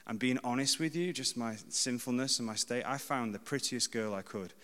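A man's voice: medium pitch, moderate pace, a bit bright, in a large hall. A man in his thirties preaching a sermon in a conversational, self-deprecating way, repeating key phrases for emphasis.

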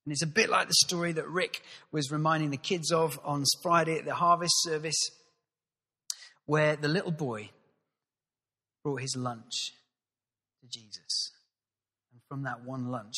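A male pastor giving a sermon, telling the story with lively acted-out voices. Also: fairly high pitch, unhurried, long pauses, slightly rough, long reverb tail. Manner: animated storytelling, acts out voices.

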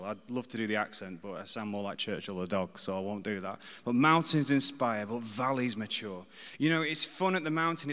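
A man's voice: medium pitch, pushed and bright, long reverb tail. A man in his thirties preaching a sermon in a conversational, self-deprecating way, repeating key phrases for emphasis.

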